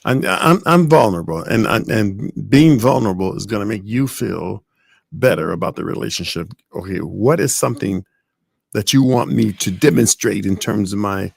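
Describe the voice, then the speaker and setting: Gravelly talk-show co-host, lively intonation, playful, stumbles and restarts. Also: male voice, on the low side, dry recording, studio quality. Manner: playful, halting, many restarts and laughs. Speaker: podcast co-host. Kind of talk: casual discussion with live comments.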